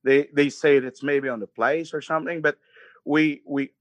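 A man's voice: a little high, fairly even intonation, moderate pace, no echo. A man from the Philippines calling in to a talk show, speaking politely and hesitantly with many fillers. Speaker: caller. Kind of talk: casual phone-in chat.

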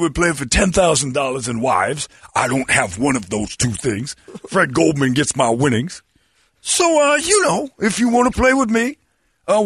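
A bragging, chatty retired football star, impersonated by a man, delivering dark jokes deadpan. His husky, gravelly voice jumps around in pitch. The sound is close and dry. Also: no room sound, exaggerated voice. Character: impression of a middle-aged male retired football star, boastful.

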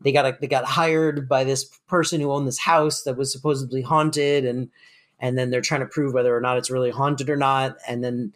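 A man's voice: medium pitch, level tone, a little fast. Rambling man podcast co-host. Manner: loose and rambling, lots of fillers like "like" and "um". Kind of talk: casual chat recapping a sitcom episode.

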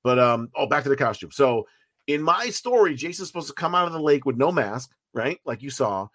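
A man, a fan-film writer and producer, talking as a podcast guest in a rambling, profane, animated way, with many restarts. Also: medium pitch, brisk, dry recording, studio quality. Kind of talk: casual podcast interview.

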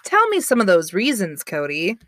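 A woman's voice: medium pitch, huge pitch swings, normal speed, fairly bright tone, no room sound. A woman co-hosting a podcast, teasing and blunt in casual chat about a movie. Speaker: podcast co-host.

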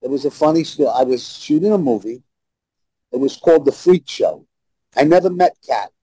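A man's voice: on the high side, brisk, warm tone, breathy edge, no echo, poor audio. A man with a New York accent telling blunt, brash stories as a talk-show guest. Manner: brash, blunt anecdotal storyteller. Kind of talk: casual storytelling.

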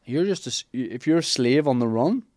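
Man, podcast co-host, joking banter, mid pitch, dry recording. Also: animated, brisk, warm tone, no room sound. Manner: banter, acts out characters in a low mumble. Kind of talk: casual comedic history chat.

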